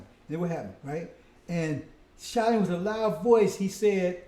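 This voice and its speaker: A man's voice: sits high, lively intonation, normal speed, dark tone, roomy sound. A man preaching a casual, conversational sermon, often breaking in with "see?" and "right?".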